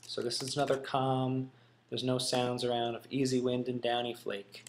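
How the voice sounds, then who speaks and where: A man's voice: mid-range voice, level tone, moderate pace, a little hiss or hum. A man teaching in a casual, musing way, thinking aloud with frequent ums. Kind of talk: casual classroom explanation.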